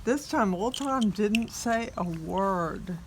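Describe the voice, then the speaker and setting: A woman reading a picture book aloud to a small child, expressive and coaxing the child to join in. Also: mid-range voice, slow, noisy background.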